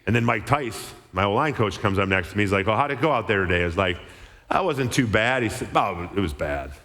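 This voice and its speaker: A middle-aged man from Minnesota telling an animated, chatty story to a church crowd, often checking in with "okay?". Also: lowish voice, fast talker, slight background noise. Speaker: guest speaker at church. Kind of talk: storytelling sermon talk. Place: large church auditorium. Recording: reverberant church hall.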